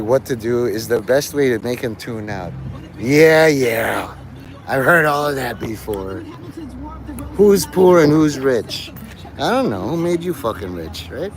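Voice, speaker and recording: A man's voice: mid-range voice, noisy background. A man live-streaming outdoors outside a convenience store, rambling offhand and chatting provocatively with viewers.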